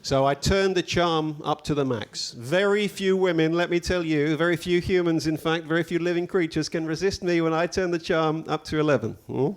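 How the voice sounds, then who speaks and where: Deadpan stand-up comedian. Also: male voice, on the high side, normal speed, hardly any pauses. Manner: deadpan, mock-pompous storytelling with dry asides.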